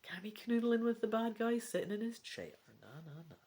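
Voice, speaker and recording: A woman's voice: on the high side, lively intonation, brisk, few pauses, a little mellow. A woman reading a gamebook aloud and chatting through her choices, with self-mocking asides and the occasional whisper. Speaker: gamebook reader.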